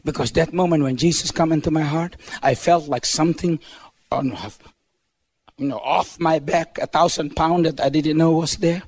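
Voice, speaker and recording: An older man preaching a humorous testimony sermon, telling a story that builds to excited shouts. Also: a little high, moderate pace.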